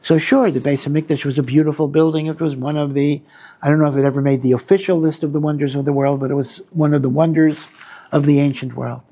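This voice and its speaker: A rabbi teaches a weekly Torah class, speaking earnestly and without hurry, sprinkling in many Hebrew terms and pressing hard on his key lines. His voice is on the high side, steady and warm.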